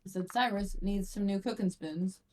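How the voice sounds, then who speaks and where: A woman's voice: medium pitch, fairly even intonation, moderate pace, darkish tone. A woman playing in a tabletop game, talking bluntly and with some exasperation. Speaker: player. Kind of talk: casual chat in a tabletop game.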